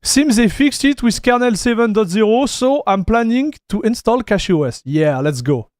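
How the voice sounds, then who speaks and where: A laid-back Frenchman with a French accent, talking to his stream chat in a high, light voice. He is relaxed and easygoing, calls everyone "dude" and reads messages aloud. The sound is dry and close, with no room echo. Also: normal speed. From France. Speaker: tech streamer. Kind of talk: casual live-stream chat.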